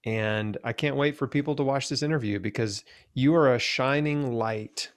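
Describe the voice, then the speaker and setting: A man's voice: mid-range voice, normal speed. A man hosting an interview, chatty with lots of fillers. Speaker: podcast host. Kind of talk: casual interview chat.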